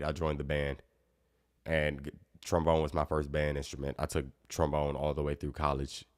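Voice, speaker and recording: A man's voice: a bass voice, no room sound, studio quality. A man teaching guitar in a casual live Q&A, chatting easily and reading out viewer comments.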